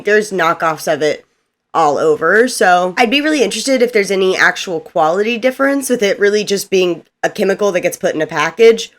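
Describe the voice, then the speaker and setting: A woman hosting a casual recap video, chatty and lively, laughing often as she talks. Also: mid-range voice.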